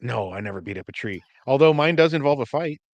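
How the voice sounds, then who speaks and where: Male podcast co-host, mid pitch, dry close mic, relaxed and filler-heavy. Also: fast, dry recording. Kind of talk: casual storytelling chat.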